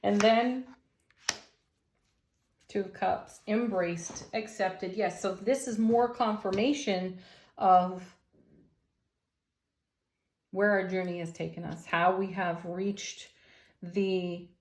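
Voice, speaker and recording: A woman giving a daily tarot reading, gentle and enthusiastic, with affirming words for her viewers. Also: medium pitch, fairly even intonation, slow pace, pauses often. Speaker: tarot reader. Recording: roomy echo.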